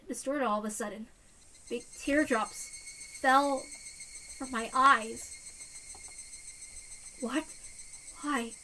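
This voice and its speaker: A woman's voice: sits high, pushed and bright, slight background noise, voice pushed down. A woman voicing an anguished, self-blaming teenage boy in a tearful, dramatic visual novel reading. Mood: agitated.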